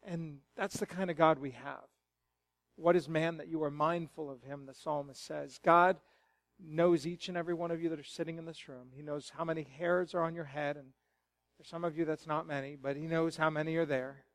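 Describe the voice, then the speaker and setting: A middle-aged man preaches a sermon in a church sanctuary, his voice sitting high for a man. He swings between quiet, hushed storytelling and loud, fervent exclamations. The sound is dry and close, with little room echo. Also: fairly even intonation, moderate pace. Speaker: pastor.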